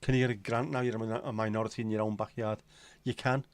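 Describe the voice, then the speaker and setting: A middle-aged man with a Liverpool accent talks casually to his livestream viewers, with a lowish voice and a dry, close sound. He rambles through blunt opinions, swearing freely. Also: level tone, fast, no echo. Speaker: livestream host. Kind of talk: casual chat to a live audience.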